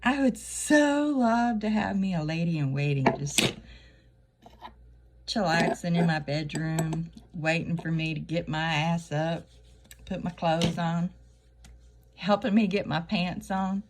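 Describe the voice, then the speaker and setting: A middle-aged woman talks to her camera in a loose, joking monologue. Her voice sits a little low, and she chuckles at her own punchlines as she rambles. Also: takes it slowly, noisy background. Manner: chatty, wry, laughs at her own jokes. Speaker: channel host. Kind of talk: casual comedic monologue.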